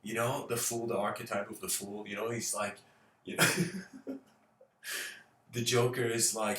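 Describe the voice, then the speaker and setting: Man, informal lecture, rambling and laughing, lowish bright voice, roomy echo. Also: level tone, a little slow, pauses often, distant mic, slight background noise. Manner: rambling, laughs often, many fillers. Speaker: speaker.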